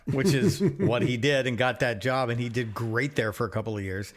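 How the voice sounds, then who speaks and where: A man's voice: mid-range voice, fast, hardly any pauses. Man telling radio stories casually. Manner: storytelling, swears casually, repeats words. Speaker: podcast co-host. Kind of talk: casual chat.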